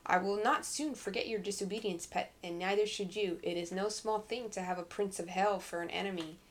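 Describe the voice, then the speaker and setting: A woman's voice: mid-range voice, brisk. A woman co-hosting a podcast about a book, chatting casually and reading passages aloud. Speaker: podcast co-host. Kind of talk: casual book-club chat.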